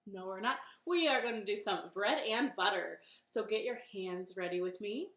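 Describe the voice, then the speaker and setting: A woman's voice: medium pitch, normal speed, reverberant, noisy background. A woman hosting a children's storytime from her living room, talking cheerfully and directly to young children. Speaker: library storytime host.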